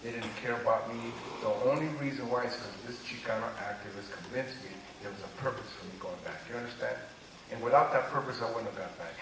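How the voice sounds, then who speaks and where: A man of around 60 from Los Angeles talks through his own life story in an animated, confiding way, often checking that his listener is still with him. He sounds a little distant from the mic, inside a strongly echoing room, over a clear wash of background noise. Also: medium pitch, fast. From Los Angeles, USA. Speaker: author being interviewed. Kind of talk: candid personal storytelling. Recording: echoey room, distant mic, noisy ambience.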